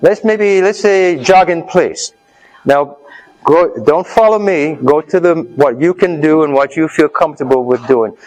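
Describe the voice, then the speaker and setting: A man with a slightly high voice leading a live health workshop. He talks the room through an exercise step by step and keeps checking that everyone is following. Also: a little slow, poor audio. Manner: coaching, urging the audience on loudly. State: out of breath. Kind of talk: live seminar talk with group exercise.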